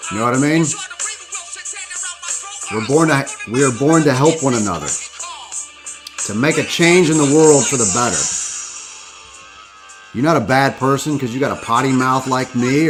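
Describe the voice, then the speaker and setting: A man's voice: mid-range voice, moderate pace, pauses often. A man hosting a podcast, delivering a fired-up, profane monologue that rallies his listeners, with music behind him. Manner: profane, preachy, rallying the listener. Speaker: podcast host. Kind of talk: impassioned live-stream monologue.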